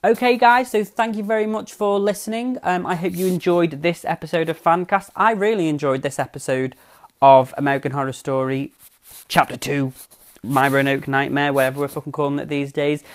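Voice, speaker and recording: Low-voiced sarcastic woman. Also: steady tone, fairly quick. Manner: chatty, sarcastic, swears freely, goes off on tangents. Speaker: podcast host. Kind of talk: casual TV recap podcast.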